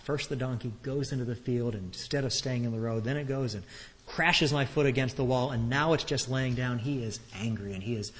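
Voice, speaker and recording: A man's voice: medium pitch, a little fast. Earnest man teaching in a reverberant hall. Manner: conversational, earnest, stammers on restarts. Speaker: Bible teacher. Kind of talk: expository Bible teaching.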